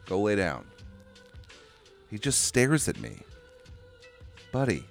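A man's voice: lowish voice, sing-song, slow pace, faint music behind. A man hosting a casual solo podcast, ranting with exasperation, swearing and rambling into a microphone. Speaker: podcast host. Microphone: studio microphone.

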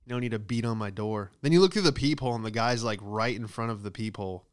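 Smooth-voiced man riffing comedically. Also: fairly low pitch, fast talker. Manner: casual, profane, exaggerated riffing. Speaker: comedian host. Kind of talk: comedic monologue.

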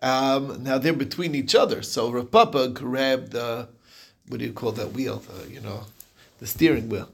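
A man leading a daily Talmud page lesson, telling the case as a story in a relaxed, conversational way and answering students' questions. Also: mid-range voice, normal speed, gravelly, slightly rough. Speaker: Talmud class teacher.

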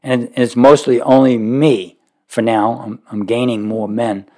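A man preaching a sermon, speaking emphatically with sudden rises and low drops. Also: fairly even intonation, a little slow. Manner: emphatic, rising to forceful peaks then dropping low.

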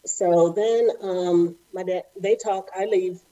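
A middle-aged woman from Houston, a former ballerina telling her story as an interview guest, animated and acting out the voices of people she quotes. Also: fairly low pitch, takes it slowly, muffled recording. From Houston, Texas.

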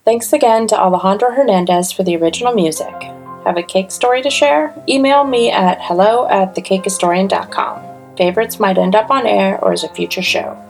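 Woman podcast host, scripted outro, friendly, gravelly voice, faint music behind. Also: mid-range voice, a little fast. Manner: friendly, lightly self-deprecating.

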